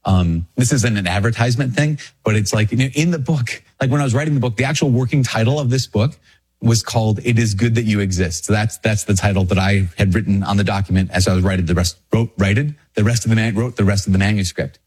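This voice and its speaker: Husky, low-voiced priest preaching casually. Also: male voice, fast talker. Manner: energetic, conversational, jumps into pitched-up quoted voices. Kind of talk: podcast homily.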